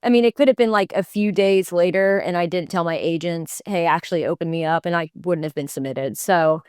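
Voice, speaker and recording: Chatty young woman with a smooth voice. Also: lowish voice, a little fast, no echo, studio quality. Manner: chatty and animated, many fillers and restarts. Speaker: actor guest. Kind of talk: casual interview storytelling. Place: podcast studio.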